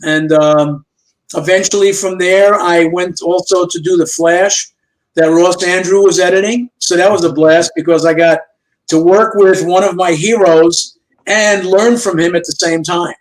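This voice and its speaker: High-voiced older man telling lively anecdotes. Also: a little slow, low-quality recording. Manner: lively storyteller who acts out quoted dialogue. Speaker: guest comic book artist. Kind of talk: storytelling anecdotes in a chat show interview. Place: remote video call.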